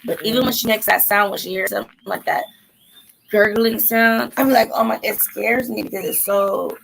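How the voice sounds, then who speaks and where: A woman hosting a casual livestream chat, blunt and animated, sometimes trailing off into near-whispers. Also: mid-range voice, moderate pace, vocal fry, slight background noise, low-quality recording. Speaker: livestream host.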